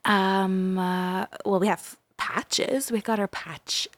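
A woman co-hosting a podcast in casual chat, excitable and gushing, laughing often. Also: mid-range voice, takes it slowly, no room sound. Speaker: podcast co-host.

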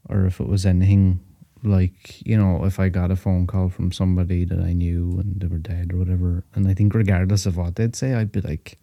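A man co-hosting a podcast, chatting in a hesitant, relaxed way and swearing casually. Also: low voice, fairly quick, creaky, lo-fi sound. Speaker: podcast co-host. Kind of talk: casual chat.

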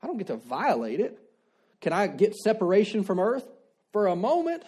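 A man's voice: sits high, wildly swooping pitch, moderate pace, a little mellow, slightly rough. A man preaching a sermon in a conversational way, asking rhetorical questions and repeating his key declarations. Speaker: pastor.

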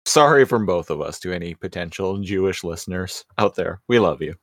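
A man's voice: sits low, animated, brisk, dry recording, clean studio sound. A man co-hosting a podcast, talking in casual chat with stammering restarts. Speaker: podcast co-host.

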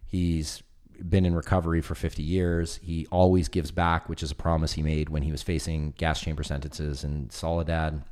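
A man's voice: extremely low pitch, moderate pace. A man in casual conversation, telling long stories with energy and acting out the voices of the people he quotes. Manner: animated storyteller, acts out quoted voices. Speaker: film producer guest. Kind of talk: casual chat.

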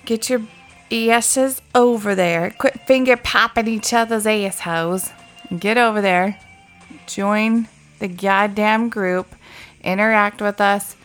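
A woman hosting a podcast, rambling casually and swearing freely. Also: mid-range voice. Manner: profane, rambling, loose. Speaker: podcast host.

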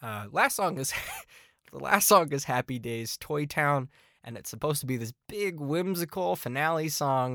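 A man's voice: mid-range voice, a bit bright, dry recording, clean studio sound. Blunt, profane man reviewing albums. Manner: rants with repeated complaints. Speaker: podcast host.

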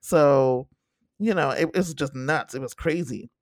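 A young man co-hosting a casual podcast chat, animated and acting out quotes in high voices. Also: a little slow, no room sound, clean studio sound. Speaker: podcast co-host. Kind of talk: casual chat reviewing a TV series.

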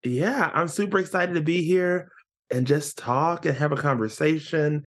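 A man as a guest on a casual podcast interview, upbeat and excitable, his pitch jumping up when he gets animated. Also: normal speed.

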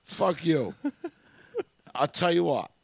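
Gravelly, rowdy man taunting rivals. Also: a little high, animated, drawn-out words. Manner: loud, taunting, laughs often. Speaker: podcast co-host. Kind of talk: rowdy profane sports banter.

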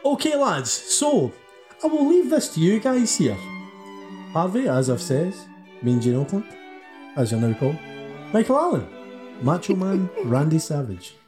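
Brief: podcast host, jokey, lively pitch. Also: male voice, normal speed, pauses often, music in the background. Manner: jokey, laughs often. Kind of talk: casual chat.

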